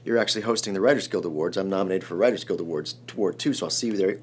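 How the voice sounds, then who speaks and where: A man in his forties from Chicago, a screenwriter telling an emotional story in an interview, animated and rambling with many restarts. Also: sits low, rapid-fire, breathy edge. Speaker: screenwriter guest.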